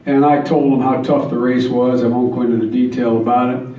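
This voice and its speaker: A man's voice: mid-range voice, level tone, brisk, lo-fi sound. A man in his seventies giving a campaign speech at a rally, telling folksy stories with jokes and earnest emphasis. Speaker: guest speaker at a campaign rally. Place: large convention hall. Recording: echoey hall, distant mic, faint noise.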